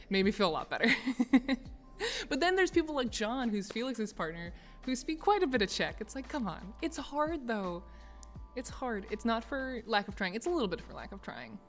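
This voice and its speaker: A woman's voice: medium pitch, a bit bright. A young woman chatting casually with viewers on a stream, rambling with lots of fillers and frequent laughter. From United States. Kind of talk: casual chat. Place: office.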